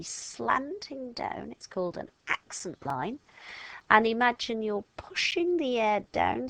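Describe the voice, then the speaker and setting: A woman teaching a children's French phonics lesson step by step, patient and slow, modelling each sound aloud and stretching the words out. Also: medium pitch, gravelly, a bit bright, no room sound.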